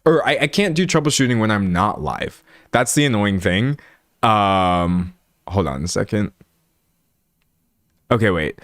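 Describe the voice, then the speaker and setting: Chatty young American man, lowish voice. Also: dry recording, clean studio sound. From United States. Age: 20s. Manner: chatty and rambling, laughs often. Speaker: livestream host. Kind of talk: casual livestream chat with viewers.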